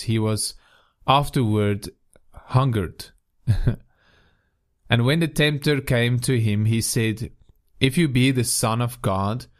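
A man at a middle pitch delivers a devotional message to his listeners. He speaks earnestly, often circling back and restarting his phrases as he builds his point. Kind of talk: devotional sermon.

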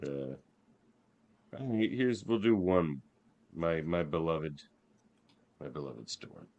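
A man with a very low voice chats casually as a podcast co-host. His pitch swings widely as he reads out each category and banters, laughing often. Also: animated, takes it slowly, gravelly, darkish tone, dull audio. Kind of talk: casual chat.

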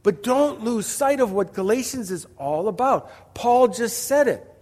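A male pastor with a high voice preaching with emphasis, leaning on rhetorical questions and personal stories. His voice rings out under a long hall reverb. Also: expressive, a little slow, darkish tone. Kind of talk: sermon.

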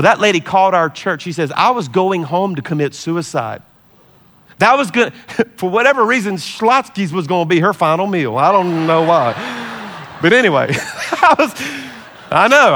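A middle-aged man, a pastor, preaching a sermon with lively storytelling and laughter, easing into a soft, slow prayer. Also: sits high, slight background noise. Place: large church hall.

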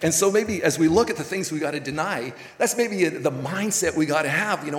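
A man's voice: on the high side, lively intonation, fairly quick, few pauses. Male pastor, casual folksy delivery, reverberant hall sound. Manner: folksy, conversational preaching with many fillers. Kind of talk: sermon. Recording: echoey hall recording.

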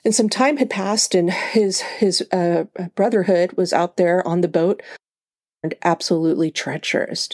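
Earnest woman with a low, gravelly voice. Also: fairly even intonation, a little slow, a little mellow. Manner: earnest, conversational, acts out quotes in a higher voice. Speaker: podcast host. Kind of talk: personal faith talk.

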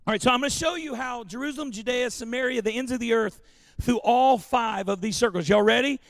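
A man preaching a sermon as pastor, joking and animated, calling for congregation responses. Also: very high-pitched, fairly quick, dry recording, studio quality. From Louisiana.

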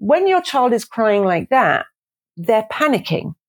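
A woman in her forties talking casually about parenting, animated and quick to laugh, acting out little voices. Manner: animated, acts out voices with big pitch jumps; laughs often. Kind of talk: casual conversational explanation.

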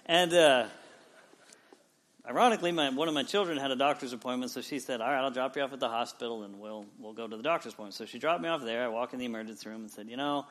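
A man in his forties, a pastor, preaching a sermon and telling a personal story with lively swings from loud to quiet. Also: quick pace. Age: 40s. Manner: storytelling with wide swings in pitch and loudness.

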